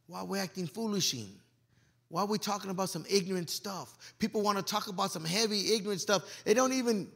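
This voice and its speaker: A male pastor giving a joking, lively sermon, swinging from loud preaching to low muttered asides and slipping into everyday slang. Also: gravelly.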